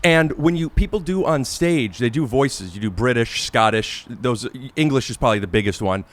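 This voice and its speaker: A man hosting a casual podcast interview, halting and searching for words with many restarts. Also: mid-range voice. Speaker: podcast host.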